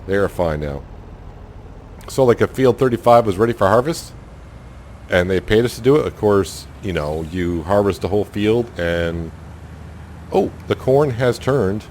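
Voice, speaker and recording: A man's voice: fairly low pitch, lively intonation, unhurried, a little mellow, a little hiss or hum. A man casually commenting while playing a farming game, thinking aloud and rambling with lots of fillers. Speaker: gaming channel host. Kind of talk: casual let's-play commentary.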